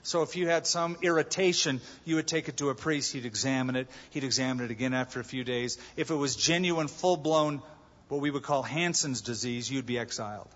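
A man preaching a sermon as pastor, animated and acting out the voices and cries in the story. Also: mid-range voice, brisk. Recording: dull, echoey large hall.

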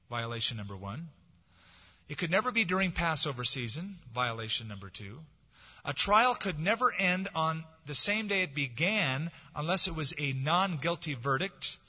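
A man's voice: on the high side, slightly rough. Man preaching, dramatic ups and downs, muffled lo-fi sound, long reverb. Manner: dramatic preaching with sudden drops to soft, hushed lines. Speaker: pastor. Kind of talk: sermon.

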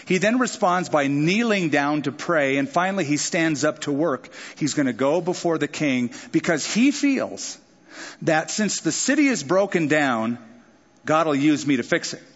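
A man preaching a sermon, explaining a scripture passage with quick asides and acted-out quotes. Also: fairly high pitch, animated, husky. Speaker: pastor. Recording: dull sound with long hall reverb.

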